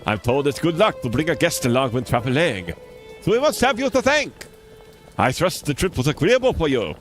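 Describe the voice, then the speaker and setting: A man plays a grand male caravan leader from a video game, courtly and theatrical in his phrasing. His pitch climbs and falls with flourish. Faint music plays behind him. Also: big pitch swings, brisk. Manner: formal, theatrical diction.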